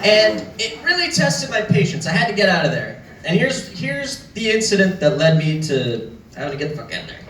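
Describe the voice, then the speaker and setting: Young stand-up, lively and profane, echoey club with a loud crowd. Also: male voice, sits high, a little fast, far from the mic, noisy background. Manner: animated, profane storytelling. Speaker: stand-up comedian. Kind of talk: stand-up comedy. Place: comedy club stage.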